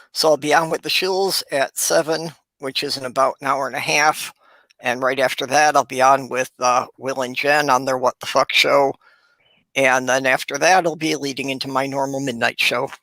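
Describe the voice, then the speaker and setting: A man's voice: medium pitch, fairly even intonation, moderate pace, bright, forceful tone, dry recording, poor audio. A man on a casual online panel, chatty and plugging his own shows. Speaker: panel guest.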